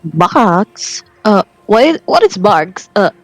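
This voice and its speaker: A woman with English as a second language, playing a tabletop game and asking halting questions. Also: medium pitch, big pitch swings, soft background music, poor audio. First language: non-native English speaker. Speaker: player.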